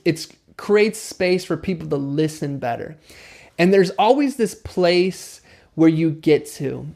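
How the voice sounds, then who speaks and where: A man's voice: a little high, darkish tone. A man, the host, explaining negotiation tips and acting out both sides of a conversation.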